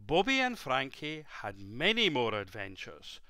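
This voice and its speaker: A man reading a story aloud to a young child, gently asking the child questions along the way. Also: mid-range voice, wildly swooping pitch, unhurried, dry recording, studio quality.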